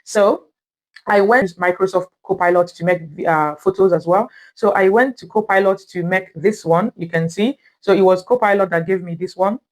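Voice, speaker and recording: A woman's voice: fairly low pitch, normal speed. A woman with a Nigerian accent hosting a how-to tutorial, explaining each step patiently and repeating herself. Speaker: tutorial host. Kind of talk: screen-recorded how-to tutorial.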